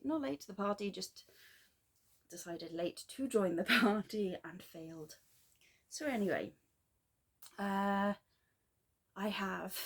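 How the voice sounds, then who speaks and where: A woman chatting casually in a craft vlog, rambling and self-deprecating with quick asides. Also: on the low side, vocal fry. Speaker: flosstube vlogger. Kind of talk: casual chat.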